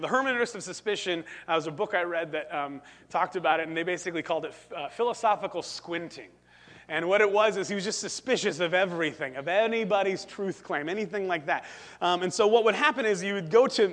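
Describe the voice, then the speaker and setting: Emphatic, high-voiced male pastor; sermon in a reverberant church. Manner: animated and emphatic, repeats "listen" and "right?".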